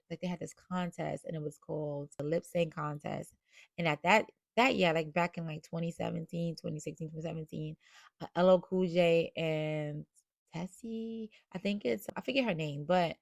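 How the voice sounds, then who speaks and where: A woman speaks in a fairly low, gravelly voice in a candid vlog monologue. She talks earnestly and with feeling as a motivator and mom coach, rambling through stories with plenty of fillers. The sound is dry, with almost no room echo. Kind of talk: casual confessional vlog monologue.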